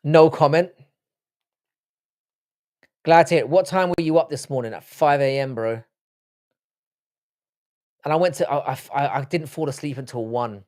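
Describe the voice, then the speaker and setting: This livestream host, a man in his thirties, chats casually while clearly worn out. His pitch leans high and his tone is slightly mellow; he speaks at a moderate speed with frequent pauses. Rambling and swearing without restraint, he keeps breaking off and restarting what he's saying.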